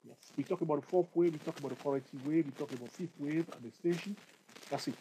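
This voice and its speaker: Male trading tutor, mellow dark tone, halting delivery over a faint hiss. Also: a little high, rough recording. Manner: halting, explanatory, points at chart. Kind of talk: screen-share chart tutorial.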